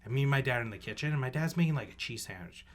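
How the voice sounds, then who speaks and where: Young male podcast co-host, casual and animated, swears a lot, lively swings in pitch. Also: very fast. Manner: animated storyteller, swears freely, acts out family voices. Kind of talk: casual chat.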